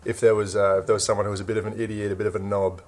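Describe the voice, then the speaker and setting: A young Australian man with an Australian accent, casually explaining slang in a relaxed drawl. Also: on the low side, rapid-fire. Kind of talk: casual explainer in a played clip.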